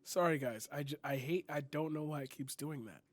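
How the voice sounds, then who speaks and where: A young man reacting to online posts on a close desk mic, his voice high and the sound completely dry. He is sarcastic and incredulous, swearing often and peppering every thought with "like" and "bro". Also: a little fast, no room sound. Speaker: commentary streamer. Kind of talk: reaction commentary.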